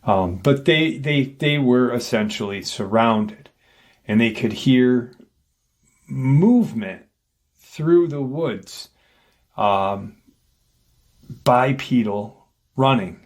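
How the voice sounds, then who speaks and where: A man hosting a paranormal channel, retelling an encounter story in an unhurried, hesitant way, full of fillers and restarts. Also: medium pitch.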